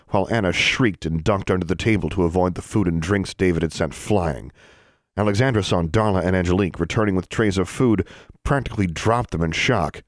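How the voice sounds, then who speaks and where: Deep-voiced male audiobook narrator. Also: no echo. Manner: expressive storytelling. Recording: dry close studio sound.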